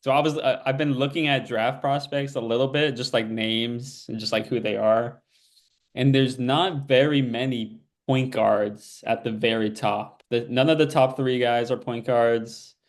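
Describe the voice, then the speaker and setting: A man's voice: mid-range voice, steady tone, unhurried. Laid-back young man talking basketball. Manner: laid-back, rambling with fillers and restarts. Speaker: podcast co-host. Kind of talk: casual sports chat.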